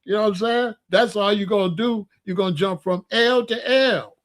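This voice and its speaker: A man's voice: sits high, moderate pace. A man talking casually and playfully in slang, giving loose, joking relationship advice straight to his listeners. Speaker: online talk host giving relationship advice.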